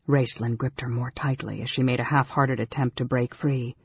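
A man reading a fantasy novel aloud as an audiobook narrator, in a measured, dramatic way. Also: mid-range voice, steady tone, vocal fry, slightly rough. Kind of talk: scripted narration. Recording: dull lo-fi recording.

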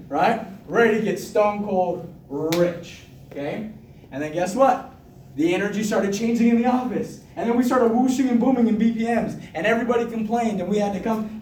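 A high-pitched man pumps up his team with a hyped, repetitive motivational talk and laughs often. He stands a little way from the mic, and his voice echoes around the room. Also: moderate pace, darkish tone, distant mic, slight background noise. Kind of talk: motivational speech to a group.

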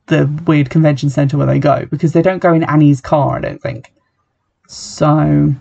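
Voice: medium pitch, gravelly, darkish tone, highs cut off. A speaker giving a casual, sardonic recap of a film, full of "like" and dry asides. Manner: chatty and sardonic, heavy use of "like". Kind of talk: casual spoken movie recap.

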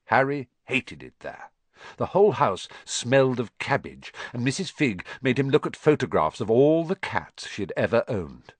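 A man reading a children's novel aloud as an expressive, measured audiobook narrator. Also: mid-range voice, dry recording. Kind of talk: scripted storybook narration.

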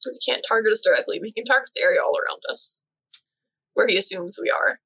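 A woman playing a tabletop game. Her voice is husky and gravelly and sits a bit high. She asks questions and reasons her way through the rules. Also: fast talker, a bit bright, poor audio. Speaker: player.

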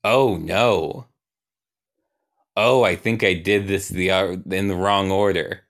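A man's voice: deep voice, steady tone, takes it slowly. A man voicing a goofy, clumsy male God who rambles and makes excuses when he gets things wrong. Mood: flustered. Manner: rambling, flustered, self-excusing.

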